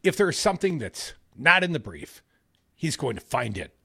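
Man co-hosting a news chat, husky, lively pitch, dry close sound, jokey asides. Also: normal speed, no echo. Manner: animated, reads news aloud, jokey asides. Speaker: podcast co-host.

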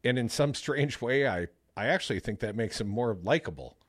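A man's voice: medium pitch, moderate pace, no room sound, studio quality. A man hosting a political talk radio show, chatting wryly and taking callers. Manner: wry, lively, takes callers.

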